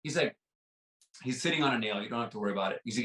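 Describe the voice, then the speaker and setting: A man's voice: mid-range voice, very fast, sharp tone, far from the mic. Earnest man telling his story, roomy sound. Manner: earnest, repeats words, many "like" and "right?" fillers. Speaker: podcast guest. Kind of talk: personal storytelling in an interview.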